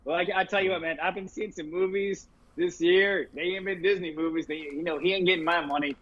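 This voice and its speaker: A man's voice: high voice, fairly even intonation, fairly quick, fairly bright tone. A man co-hosting a movie podcast, talking in a profane, rambling way with lots of laughter. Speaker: podcast co-host. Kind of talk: casual movie chat. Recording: dull lo-fi recording.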